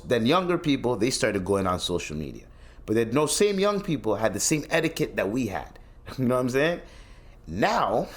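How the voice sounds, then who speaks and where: Blunt, ranting young man podcaster. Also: medium pitch. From Canada. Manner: animated, blunt, profane ranting with frequent restarts. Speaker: podcast host. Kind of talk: casual solo commentary.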